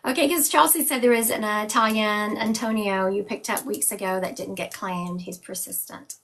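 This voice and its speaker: A woman hosts a live psychic reading stream as a medium, relaying visions and chatting with viewers between readings. She describes what she sees with phrases like "he is showing me," in a medium-pitched, slightly bright voice at a moderate pace.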